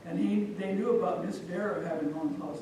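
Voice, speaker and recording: A woman from Omaha telling a folk tale live to an audience, animated and speaking directly to listeners. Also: on the low side, moderate pace, background noise. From Omaha, Nebraska. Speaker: storyteller. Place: live public event, echoey room. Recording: echoey hall from far off.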